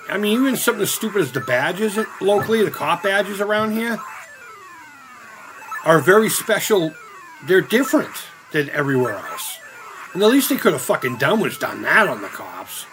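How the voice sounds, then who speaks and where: A man's voice: on the high side, rough recording. Rambling streamer man. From Boston area. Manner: rambling, swears often, outbursts at the game. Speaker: streamer playing retro games. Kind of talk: casual live-stream chat while gaming. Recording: music playing behind the voice.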